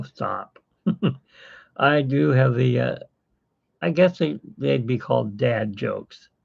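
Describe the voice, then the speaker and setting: Gravelly, rambling live-stream host. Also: male voice, medium pitch. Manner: rambling, self-mocking, corny jokes. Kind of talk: casual live-stream chat. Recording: dull lo-fi stream audio.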